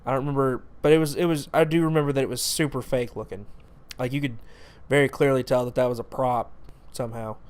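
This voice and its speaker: A man's voice: medium pitch, clean tone. A young man hosting a movie review show, talking casually in a sarcastic, exasperated rant about a bad film.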